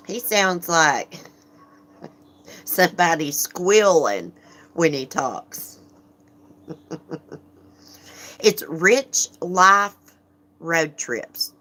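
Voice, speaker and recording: A woman's voice: sits low, big pitch swings, very slow, pauses often, bright, forceful tone. A woman hosting a casual livestream, chatting frankly, laughing often and greeting viewers as she reads comments. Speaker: livestream host.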